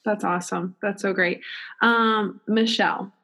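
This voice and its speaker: A woman's voice: medium pitch, steady tone, a little slow, fairly bright tone. A woman hosting an interview, upbeat and encouraging, peppering her questions with fillers. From northern New York, near the Canadian border. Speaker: podcast host. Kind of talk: casual interview chat.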